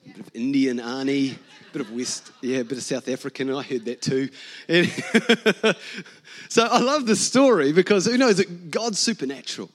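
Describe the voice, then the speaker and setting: A New Zealand man preaching a lively, joking sermon as pastor in a conversational way. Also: mid-range voice.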